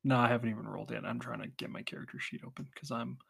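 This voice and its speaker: A man chatting casually at a tabletop roleplaying game, joking and teasing his friends between turns. His voice sits at an everyday middle pitch. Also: very fast, creaky, fairly bright tone, a little hiss or hum. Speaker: player.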